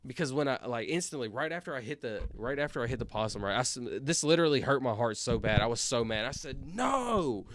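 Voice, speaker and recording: Rambling young man, smooth close voice. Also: medium pitch, fast, few pauses, dry recording. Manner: rambling, filler-heavy, says "like" and "anyways" constantly. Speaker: streamer. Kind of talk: casual storytelling while reading chat.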